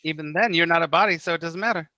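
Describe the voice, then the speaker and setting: A middle-aged man, a spiritual teacher, telling stories in an animated, casual way and acting out the people he quotes, with many "you know"s. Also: fairly high pitch, rapid-fire, dry recording. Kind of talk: casual podcast conversation.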